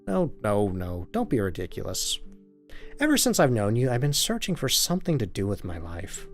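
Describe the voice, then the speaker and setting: A man voicing a weary, remorseful husband who speaks low and subdued in a game. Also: wildly swooping pitch, moderate pace, faint music behind.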